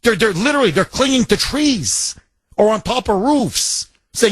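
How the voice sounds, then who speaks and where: A man's voice: sits high, animated, normal speed, breathy edge, no echo. A man co-hosting a talk radio show, ranting with indignation, repeating and restarting his phrases.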